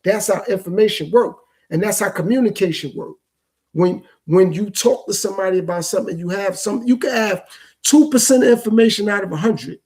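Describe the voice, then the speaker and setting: Guy doing a solo podcast rant, kinda high voice, husky, just talking it out loose and repeating himself. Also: fairly quick, a little mellow. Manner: loose, repetitive, reflective street-talk delivery. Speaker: podcast host. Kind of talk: casual solo podcast monologue.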